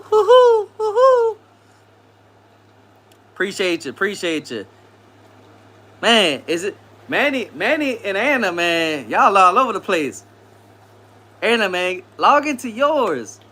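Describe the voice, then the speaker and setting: At a moderate pace, a man hosting a live stream chats back to his viewers in relaxed slang, laughing often. He has a bright, fairly high voice for a man, and his pitch varies widely from line to line.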